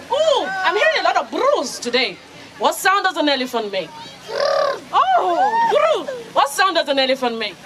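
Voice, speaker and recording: A woman from Nigeria, a storyteller and radio host, telling a children's story with lively call-and-response. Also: very high voice. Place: outdoor festival kids' area. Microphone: handheld microphone. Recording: outdoor crowd noise in background.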